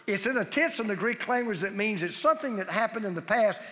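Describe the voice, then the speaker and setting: A man's voice: high-pitched, animated, quick pace, pushed and bright. A middle-aged man preaching a sermon with an emphatic, repetitive cadence. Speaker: pastor. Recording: long hall reverb.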